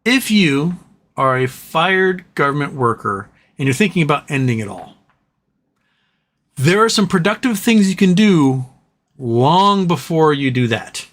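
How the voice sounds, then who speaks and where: In a sing-song, slightly high and somewhat bright voice, a livestream host takes his time as he chats and reads viewers' messages aloud. His manner is sarcastic, ranting and full of profanity.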